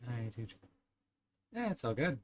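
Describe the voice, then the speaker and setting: Measured in pace but swinging widely in pitch, a young man with a medium voice talks loosely with his stream's viewers and their live chat. His talk wanders, full of fillers, soft laughs and small verbal tics, over a little hiss or hum.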